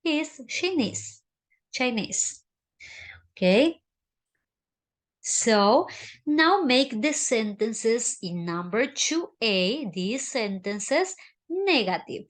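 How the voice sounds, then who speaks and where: Slow, patient woman teaching English. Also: mid-range voice, a bit bright. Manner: slow, patient, repeats each example aloud. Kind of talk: recorded online grammar lesson.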